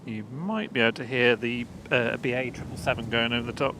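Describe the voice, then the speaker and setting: A man hosting a casual live plane-spotting stream outdoors at an airport, chatty and quick to laugh as he reads viewer messages. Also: medium pitch, fairly even intonation, background noise. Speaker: live stream host reading chat.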